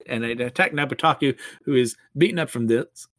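A man's voice: medium pitch, fairly quick, fairly bright tone, no room sound. A man casually recapping a comic chapter and reading its dialogue aloud, amused and often laughing at the story.

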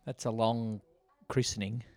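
This man speaks unhurriedly in a flat, low, darkish voice with no room sound. He's watching a movie with a friend, chatting casually and slipping in dry, joking comments.

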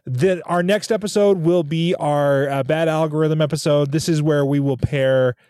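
A man's voice: on the high side, steady tone, moderate pace, a little mellow, smooth, no room sound, clean studio sound. A man hosting a casual podcast, wrapping up the episode and previewing the next one. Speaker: podcast host. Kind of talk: casual chat.

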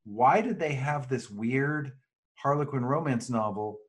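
A man co-hosting a rewatch podcast in easygoing conversation. His voice is a middle-pitched male voice. He muses reflectively and often restarts his sentences. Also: measured pace. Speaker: podcast co-host. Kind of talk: casual chat.

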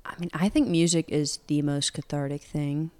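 A woman's voice: low-pitched, steady tone, moderate pace, a little mellow. A woman in her twenties, a singer-songwriter from Atlanta, chatting casually in an interview, rambling with lots of fillers. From Atlanta, United States. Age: 20s.

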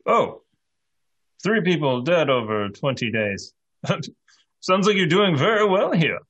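A man's voice: a little high, big pitch swings, a little slow, a bit bright, highs cut off. A man playing a tabletop role-playing game, talking hesitantly with lots of ums and dry jokes. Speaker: player.

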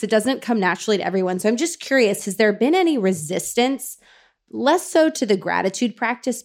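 A woman's voice: mid-range voice, a little mellow. A woman hosting an interview, asking long, thoughtful questions and speeding up when she explains. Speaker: podcast host. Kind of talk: conversational interview.

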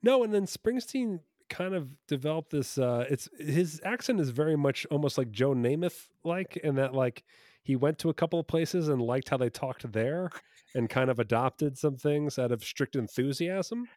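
A man's voice: on the high side, expressive, moderate pace, a little mellow, no room sound, clean studio sound. A man from New Jersey in casual podcast chat, talking in an enthusiastic, rambling way and often correcting himself.

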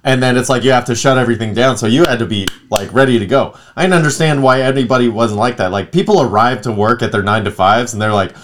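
A man in his thirties, co-hosting a podcast, chats casually and tells animated stories, acting out what others said. His medium-pitched voice moves fast with few pauses.

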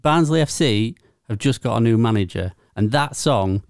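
A man's voice: mid-range voice, lively intonation, normal speed, dry recording, clean studio sound. A man co-hosting a casual podcast, rambling and stumbling over his words. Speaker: podcast co-host. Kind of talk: casual chat.

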